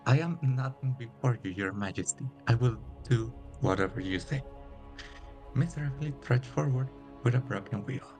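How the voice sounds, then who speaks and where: A man plays a knight reading his options aloud with wry remarks. His voice sits at a mid pitch, with faint music underneath. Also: normal speed, a little mellow, close to an everyday voice.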